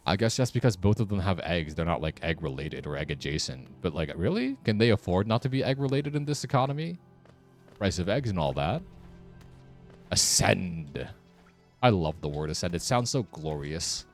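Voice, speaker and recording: A man with a deep voice talks through a game in a casual, wry way, muttering sarcastic asides. His pitch swings about as he reacts. Faint game music plays behind him. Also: very animated, brisk. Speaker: streamer. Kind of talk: casual gameplay commentary.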